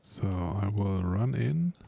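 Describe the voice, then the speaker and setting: A male streamer talks through his game at an unhurried pace, chatting and rambling to his viewers. His low voice has a gravelly fry and a dark, mellow tone. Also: lively intonation. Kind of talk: casual live-stream commentary while gaming.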